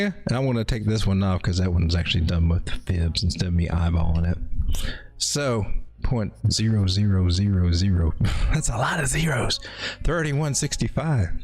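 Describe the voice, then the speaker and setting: A man's voice: fairly low pitch, moderate pace, a little mellow, slightly rough, soft background music. A man hosting a late-night crypto livestream, casually rambling through chart analysis with playful dad jokes. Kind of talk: casual live market analysis.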